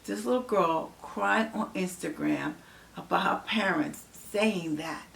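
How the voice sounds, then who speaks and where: A woman's voice: lowish voice, slow pace, gravelly, fairly bright tone, distant mic. An emotional woman giving impassioned vlog commentary to her viewers, rambling with many fillers and restarts. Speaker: vlogger.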